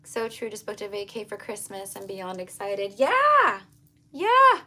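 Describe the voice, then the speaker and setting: A woman's voice: mid-range voice, level tone, moderate pace. A woman giving a casual tarot reading, talking earnestly and repetitively to her viewers. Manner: earnest, repetitive, emphatic, addresses viewers as you guys. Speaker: tarot reader.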